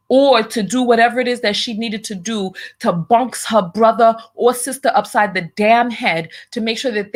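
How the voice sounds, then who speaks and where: A middle-aged woman hosting a commentary stream, with a voice pitched in the ordinary middle range. She speaks bluntly and with emphasis, often repeating a word or short phrase to drive it home. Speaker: host of a commentary channel. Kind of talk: livestream commentary, reading viewer donations.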